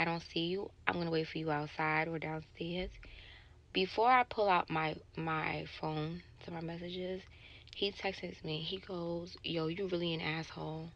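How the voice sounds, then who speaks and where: A woman telling a casual story to camera about a bad date, indignant and animated, swearing and acting out both sides of the dialogue. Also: on the low side, creaky, no room sound. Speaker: sales associate telling a dating story.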